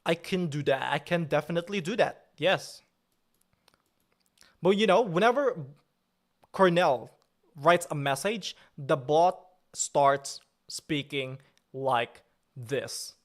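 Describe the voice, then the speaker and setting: A man hosting a livestream talks casually in a slightly high voice, slowly and with long pauses. He starts out irritable, then forces himself into a calm, joking mood while answering viewer chat.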